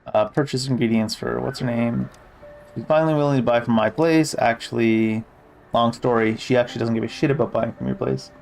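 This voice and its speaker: A man's voice: medium pitch, brisk, vocal fry, darkish tone, slight background noise. A man giving casual gameplay commentary who reads game text aloud and swears offhandedly. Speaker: gamer.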